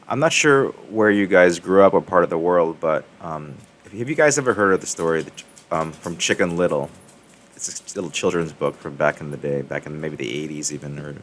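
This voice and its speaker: A man's voice: low-pitched, slight background noise. A man hosting a crypto mining video, casually chatting and reading a children's story aloud with ums and self-corrections.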